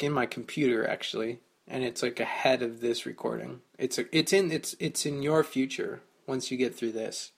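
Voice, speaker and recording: Gravelly-voiced rambling male podcast host. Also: mid-range voice. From New Jersey. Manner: rambling, self-mocking, swears casually. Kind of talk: rambling solo podcast intro.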